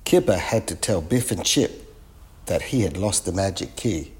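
A man narrating a children's storybook in a clear, expressive reading. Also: low voice, moderate pace, a little hiss or hum.

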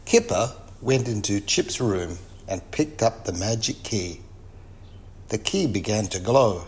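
Reader: low-voiced man, slow and lilting, reading to children. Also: sing-song, darkish tone. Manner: slow, sing-song, clearly paced. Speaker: storybook reader. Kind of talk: children's story read-aloud.

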